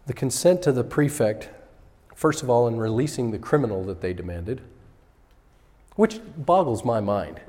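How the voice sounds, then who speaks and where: A man's voice: mid-range voice, lively intonation, normal speed, dark tone. A male pastor preaching a sermon in a conversational way, sometimes acting out what people in the story say. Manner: conversational, acts out characters' voices. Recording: hall reverb.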